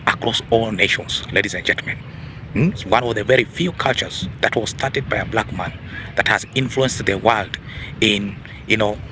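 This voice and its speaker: Over slight background noise, a video host with a lowish voice delivers a sermonizing opinion piece. He repeatedly addresses "ladies and gentlemen" and peppers the audience with rhetorical questions, often a "huh?"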